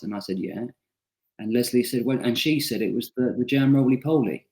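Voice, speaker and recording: A man's voice: mid-range voice, brisk, darkish tone. A young man, an author, telling self-deprecating stories in a casual chatty interview, with frequent fillers and restarts. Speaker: author interviewed about his book. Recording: roomy echo.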